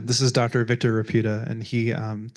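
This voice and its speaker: A man's voice: mid-range voice, level tone, normal speed, a little mellow. A man on a panel introducing a colleague, speaking with appreciation and some fillers. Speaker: mission team member.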